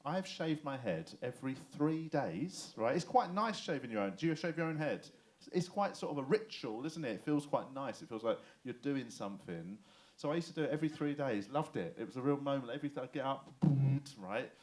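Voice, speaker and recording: An English man performing a lively stand-up comedy set on a club stage, chatty and swearing, often checking in with the crowd. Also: mid-range voice, a little fast. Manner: chatty, animated, swears and asks the crowd "right?".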